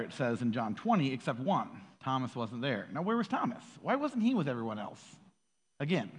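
A man giving a casual, animated sermon, acting out quoted voices and laughing often. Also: fairly high pitch, long reverb tail. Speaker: pastor.

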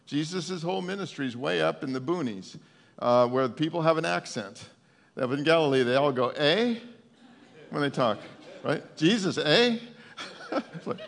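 Gravelly folksy preacher man, reverberant hall. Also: on the high side, fairly bright tone. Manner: folksy, emphatic, stumbles and repeats words. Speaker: pastor. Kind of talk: conversational sermon.

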